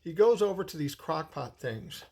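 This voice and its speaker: A man's voice: fairly high pitch, animated, normal speed, darkish tone. A man in his sixties telling a personal story in a casual, rambling way, swearing freely as he goes. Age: 60s. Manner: profane, rambling, conversational.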